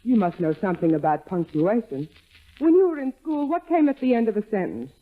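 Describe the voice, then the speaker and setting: A woman playing a patient, gently scolding wife and mother in a 1940s radio sitcom. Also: medium pitch, big pitch swings, fairly quick. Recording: tinny lo-fi old radio broadcast.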